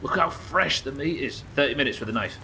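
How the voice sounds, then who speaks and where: A man talks through his live game stream, excitable and quick to swear, chatting to viewers as he plays. His voice is bright, with a low-ish pitch that leaps around a lot. A faint hiss sits under the recording.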